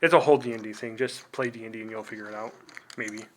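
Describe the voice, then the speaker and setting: A man's voice: on the low side, steady tone, fast talker, a little mellow. A young man talking casually to the camera, rambling and self-deprecating, with lots of "like" and trailing asides. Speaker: video host. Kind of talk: casual unboxing vlog.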